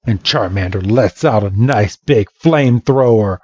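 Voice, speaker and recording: A man hosting a podcast, casually retelling a story and acting out every character in an animated way. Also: lowish voice, measured pace, husky, dry recording. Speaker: podcast host. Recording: dull lo-fi dry podcast mic.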